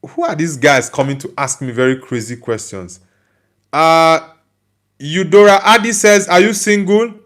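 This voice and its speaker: A man's voice: on the high side, fairly bright tone. A young Nigerian man hosting a football livestream, reading viewer comments aloud and answering them bluntly in casual chat. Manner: blunt, dismissive retorts to viewer questions. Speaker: football news livestream host.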